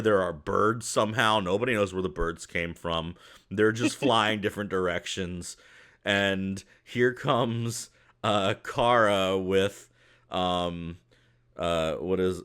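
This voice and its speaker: A man's voice: on the low side, normal speed, a bit bright, clear, resonant tone. A man narrating as game master of a tabletop game, rambling with many fillers.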